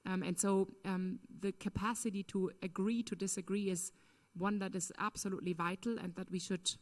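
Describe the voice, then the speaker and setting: A woman's voice: mid-range voice, fairly even intonation, moderate pace. A woman speaking at a conference, answering a question in an earnest, emphatic way with frequent "um" and "you know". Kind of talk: lecture Q&A answer.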